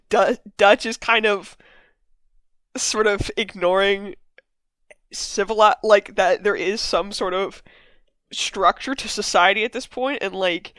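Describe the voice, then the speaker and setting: A woman's voice: mid-range voice, a bit bright, dry recording. A woman hosting a casual game discussion podcast, rambling with lots of fillers and casual swearing. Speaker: podcast host. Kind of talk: casual chat.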